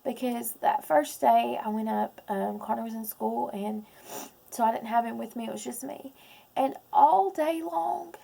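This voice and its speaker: A woman in her thirties, speaking in a personal vlog, close to tears, halting with many pauses and ums. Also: a little high, vocal fry, dark tone. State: close to crying. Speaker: vlogger.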